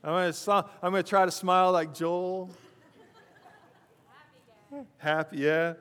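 High-voiced man preaching in a reverberant church. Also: level tone, a little fast, fairly bright tone. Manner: conversational, chuckling asides. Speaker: pastor. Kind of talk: sermon. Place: church sanctuary.

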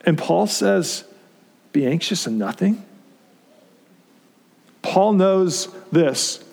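A man's voice: high-pitched, big-room sound. A male pastor preaching a conversational sermon to his congregation, often restarting his phrases. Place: church sanctuary.

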